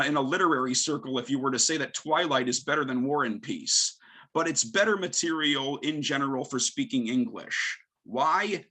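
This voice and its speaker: A male English teacher giving a conference talk, emphatic and lively, firing off rhetorical questions. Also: on the high side. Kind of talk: conference presentation.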